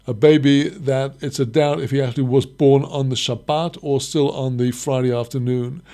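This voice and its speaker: A man teaching a recorded Mishnah lesson, reading short Hebrew phrases and explaining each one slowly in English. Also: mid-range voice, darkish tone. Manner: explains slowly, quotes Hebrew then translates. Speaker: Torah teacher.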